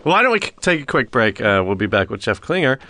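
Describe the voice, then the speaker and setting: A man's voice: mid-range voice, sing-song, quick pace, sharp tone. A man hosting a podcast, joking and swearing in casual chat with lots of fillers. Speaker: podcast host.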